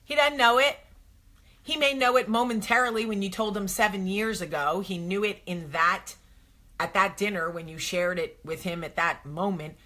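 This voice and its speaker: Emphatic, bright-voiced woman vlogger. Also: medium pitch, moderate pace. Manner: emphatic, repeats points, acts out quotes. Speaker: vlog host giving marriage advice. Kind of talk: casual to-camera advice talk.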